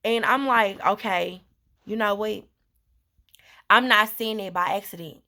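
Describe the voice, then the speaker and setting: A woman's voice: medium pitch, measured pace, sharp tone. Earnest rambling woman vlogger. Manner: earnest, rambling, many fillers and repetitions. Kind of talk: casual heartfelt monologue.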